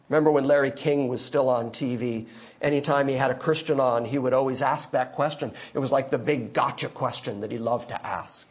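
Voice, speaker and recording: A male pastor preaching a sermon, emphatic, moving between quiet asides and loud declarations. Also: mid-range voice, fairly even intonation, a little fast.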